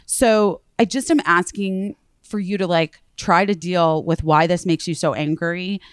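A woman's voice: on the low side, a little slow, clear, resonant tone, dry recording, clean studio sound. A woman chatting casually, telling a story with lots of swearing and acting out both sides of phone conversations.

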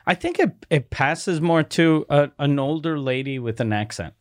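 A man chats casually on a podcast. He is talkative and laughs at his own jokes, and his voice is a bit higher than most men's. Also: expressive, normal speed, no echo, clean studio sound. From Canada. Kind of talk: casual chat.

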